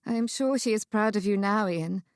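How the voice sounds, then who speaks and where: A woman voicing a kindly young sister-in-law who speaks in a reassuring, warm manner. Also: medium pitch, brisk, clean tone, no echo, studio quality, natural voice.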